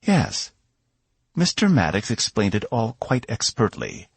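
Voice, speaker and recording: A man's voice: fairly low pitch, huge pitch swings, a little slow, gravelly, husky, pitched above the performer's own voice, heavily acted. A man voicing a confident, haughty princess in an audiobook. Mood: poised. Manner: confident, poised.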